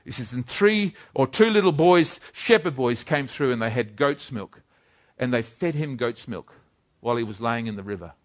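A man's voice: mid-range voice, lively intonation, moderate pace. A man preaching a sermon, telling a story in an earnest way and building to fervent exhortation.

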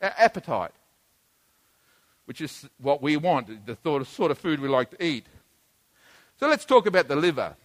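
A man's voice: on the high side, sing-song, moderate pace, pauses often. A man preaching a sermon, teaching plainly and then building to emphatic, repeated points.

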